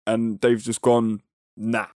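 A man's voice: fairly low pitch, monotone, slow, darkish tone, dry recording, clean studio sound. A man co-hosting a casual podcast, talking in a laid-back, slangy way. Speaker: podcast co-host.

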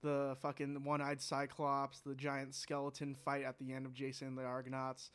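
A man's voice: medium pitch, completely flat delivery, normal speed, fairly bright tone, smooth. A man co-hosting a casual movie chat, sharing film history with many ums and uhs. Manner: informative, lists films with fillers. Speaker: podcast co-host.

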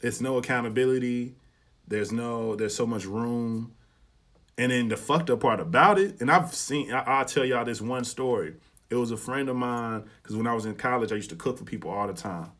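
Animated man podcasting in AAVE. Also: normal speed. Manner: animated storytelling, acts out quotes with rising pitch, swears freely. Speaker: podcast host. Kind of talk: casual solo podcast commentary.

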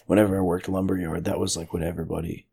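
A man's voice: low voice, little pitch movement, very fast, creaky, mellow, husky. A man in casual chat who laughs often and talks loosely with many fillers.

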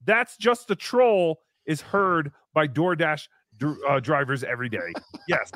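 A man hosting a casual live show, excitably chatting and reading out viewer messages. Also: on the high side, a little slow, dry recording, studio quality. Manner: excitable, reads out paid messages. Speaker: show host.

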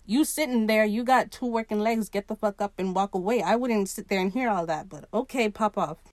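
A woman's voice: mid-range voice, a little fast, darkish tone, no room sound. Woman, solo host, sassy and blunt, dry close sound, mid-range voice. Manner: sassy, blunt, profane asides. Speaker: podcast host reviewing a TV episode. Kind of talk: casual solo commentary.

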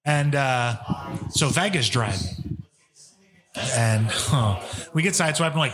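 A man's voice: mid-range voice, animated, measured pace, long pauses, fairly bright tone. A man, a professional wrestler, telling rambling, profanity-laced stories as a podcast guest. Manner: profane, rambling, laid-back storyteller. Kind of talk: casual podcast storytelling.

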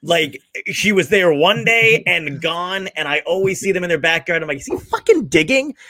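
A man's voice: on the high side, moderate pace, sharp tone, no echo. A man hosting a podcast, telling rambling funny stories in casual chat, laughing often and swearing freely. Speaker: podcast host.

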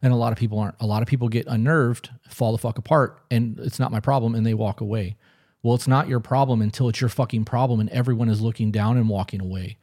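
Blunt, mellow-voiced man on a podcast. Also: medium pitch, fairly even intonation, fast. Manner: blunt, profane and emphatic. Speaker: podcast co-host. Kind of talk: casual podcast conversation.

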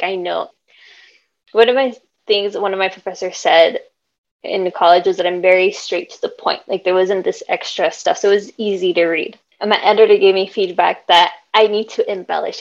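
A young woman speaks in a relaxed, reflective way about writing, filling her talk with casual fillers. Her voice sits at a medium pitch, and the audio sounds slightly muffled and lo-fi. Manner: earnest, reflective, many fillers. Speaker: author guest. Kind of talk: casual interview chat.

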